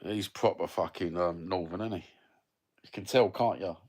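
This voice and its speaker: Deep-voiced sweary bloke in his fifties. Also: moderate pace, darkish tone. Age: 50s. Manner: sweary, blokey banter with lots of fillers. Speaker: livestreamer reading viewer comments. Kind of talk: casual rambling chat.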